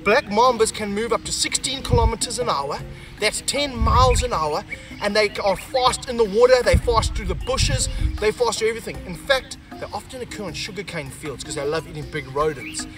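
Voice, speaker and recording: Breathless, excitable high-voiced man. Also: moderate pace. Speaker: snake handler presenting. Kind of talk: outdoor wildlife vlog presenting. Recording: music bed under the voice.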